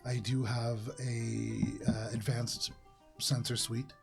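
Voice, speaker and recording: A nondescript businessman selling ship weapons, played by a man in a low, hushed, even tone. He weighs every word and never raises his voice. Soft music lingers in the background. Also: slow pace, gravelly. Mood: businesslike. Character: bland, businesslike male arms dealer in sunglasses.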